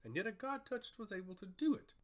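A man reading aloud as a proud, determined woman high priest in a fantasy storybook, lively in her inflection and cool and formal in her demands. She presses her point with quiet assurance. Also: a little fast. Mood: assertive.

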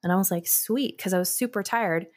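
Woman, young, podcast co-host, casual storytelling, animated, laughs a lot, lowish voice. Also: fast. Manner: animated, laughs often, jumps into high quoted voices.

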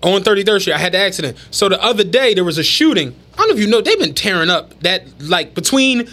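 A man, co-hosting a podcast and telling animated, profane stories in casual chat. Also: high voice, fast talker. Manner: animated storytelling, heavy slang and profanity. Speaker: podcast co-host.

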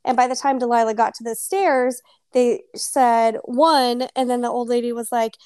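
A woman's voice: on the high side, steady tone, moderate pace, dark tone, clear, resonant tone, no room sound, studio quality. A woman co-hosting a casual book club podcast, retelling scenes and acting out the lines. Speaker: podcast co-host.

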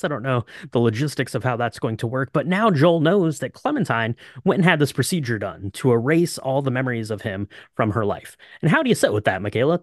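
A man's voice: medium pitch, no room sound. Guy retelling a movie on a podcast, rambly, um and uh a lot, dry close sound. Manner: rambling, frequent fillers and restarts. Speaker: podcast co-host. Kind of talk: casual movie recap chat.

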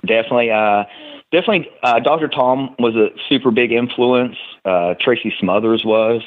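A man's voice: medium pitch, moderate pace. A man with a Tennessee accent, a wrestler telling stories in a casual interview, often restarting his sentences. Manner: relaxed storytelling with many restarts. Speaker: wrestler guest. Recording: phone-like remote audio.

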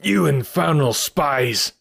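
A gruff, hostile innkeeper barks at trespassers in this audiobook scene, voiced by a man. He blusters and threatens, pushed a little higher and louder than a plain voice. The sound is dry and close. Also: moderate pace, no room sound, close to an everyday voice. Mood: furious. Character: surly, menacing rural male innkeeper. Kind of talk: audiobook character voice.

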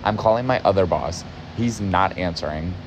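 Young man, casual storytelling, agitated, swears a lot, lowish voice, faint hum behind. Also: moderate pace. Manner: agitated, profane, emphatic. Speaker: podcast host, former barista.

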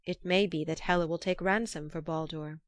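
A woman's voice: low voice, fairly even intonation, normal speed, no echo, close to an everyday voice. Earnest young messenger rider, read by a woman. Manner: earnest and formal. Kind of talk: storybook reading.

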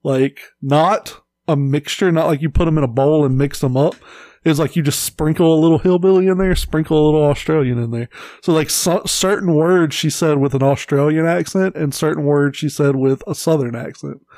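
A man's voice: fairly high pitch, a little fast, a little mellow, dry recording, studio quality. A young man co-hosting a podcast, chatting casually in a laid-back, joking way, swearing and laughing often. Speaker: podcast co-host. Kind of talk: casual chat.

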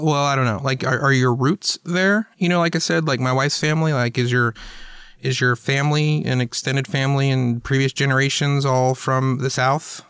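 Smooth-voiced man chatting loosely. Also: medium pitch, a bit bright, no room sound. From Atlanta, US South. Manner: rambling, many restarts, laughs easily. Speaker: podcast host. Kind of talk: casual interview chat.

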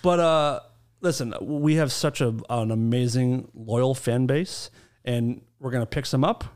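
A man's voice: medium pitch, a little slow, darkish tone. Sarcastic man hosting a casual podcast. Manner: joking, dry sarcastic banter. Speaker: podcast host.

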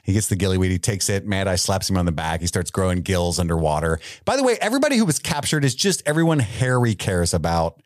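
Laid-back man with a low voice. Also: sing-song, quick pace, few pauses, dry recording, studio quality. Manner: jokey, laughs often, slips into goofy voices. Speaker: podcast co-host. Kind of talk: casual movie review chat.

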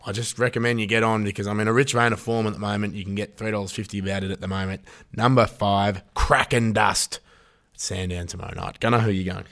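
An Australian man with a fairly low voice hosts a laid-back sports chat. He rambles with jokey banter and breaks into laughter often. His tone stays casual and easygoing. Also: level tone, fast. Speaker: podcast host.

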